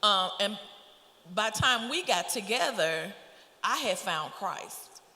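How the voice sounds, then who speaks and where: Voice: mid-range voice, animated, slow pace, pushed and bright. A married guest on a church marriage panel, answering frankly and plainly about the couple's early years. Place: church sanctuary. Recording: echoey hall with long reverb.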